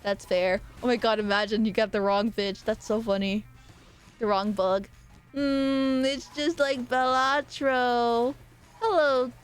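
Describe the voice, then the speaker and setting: A young woman streaming a game and chatting casually, excitable and quick to swear, with loud playful outbursts. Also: on the high side, clean tone, faint music behind. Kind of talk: casual live-stream gaming commentary.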